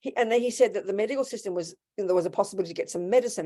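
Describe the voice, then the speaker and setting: A woman's voice: mid-range voice, rapid-fire, hardly any pauses. A woman giving a casual, blunt Buddhist teaching, acting out quoted voices along the way. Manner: animated, acts out quoted voices; blunt and informal. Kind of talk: casual dharma talk.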